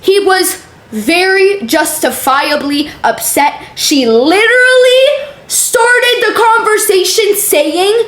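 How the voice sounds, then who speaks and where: A woman's voice: very high voice, expressive, slow, fairly bright tone. A young woman hosting a reaction video, talking in a sarcastic, profane, exasperated way. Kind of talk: casual reaction commentary. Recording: roomy echo with faint background hum.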